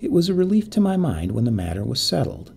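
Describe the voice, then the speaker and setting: Gravelly, mellow male story narrator. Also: medium pitch, huge pitch swings, fast talker, a little hiss or hum.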